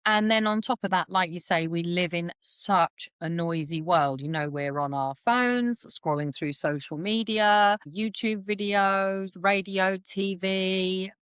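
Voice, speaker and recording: A woman's voice: mid-range voice, a little slow, hardly any pauses, fairly bright tone, clear, resonant tone, dry recording. A woman, a guest explaining things chattily in a podcast interview and acting out quoted voices as she goes. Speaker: intuitive reader, podcast guest.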